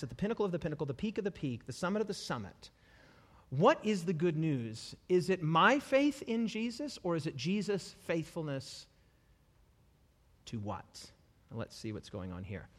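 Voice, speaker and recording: A male preacher giving a sermon to a live congregation, animated and repetitive, dropping humorous asides. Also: high-pitched. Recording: long hall reverb.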